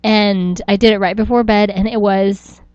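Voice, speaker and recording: A woman's voice: medium pitch, fairly even intonation, moderate pace, darkish tone, no echo, muffled recording. A woman co-hosting a podcast in casual chat, rambling and restarting her sentences with frequent small laughs. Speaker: podcast co-host.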